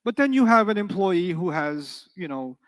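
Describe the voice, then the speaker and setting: A man teaching an Arabic class to students, lively and storytelling, often asking the room questions and acting out voices. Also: high voice, moderate pace, dry recording. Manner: acts out quoted voices in his stories. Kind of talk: live classroom lecture.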